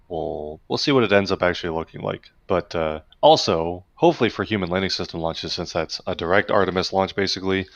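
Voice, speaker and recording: A man with a very low voice hosts a live broadcast and answers viewer questions in an easy, thinking-aloud way. The sound is dry and a little dull. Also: vocal fry, dry recording. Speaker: livestream host. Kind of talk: casual live commentary.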